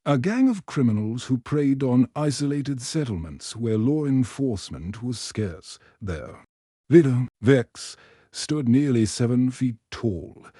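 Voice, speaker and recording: A man narrating a scripted story in a steady, even way. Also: mid-range voice, measured pace, dry recording, clean studio sound.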